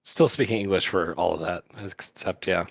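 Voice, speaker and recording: Very deep-voiced man, dry sound. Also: normal speed, vocal fry, no room sound. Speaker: podcast co-host. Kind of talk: casual chat.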